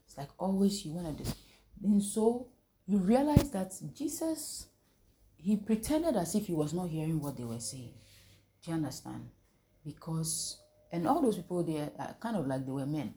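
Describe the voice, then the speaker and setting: Low-pitched woman preaching call-and-response. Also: very animated, normal speed, warm tone. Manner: call-and-response, asks the listeners questions. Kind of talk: interactive Bible teaching.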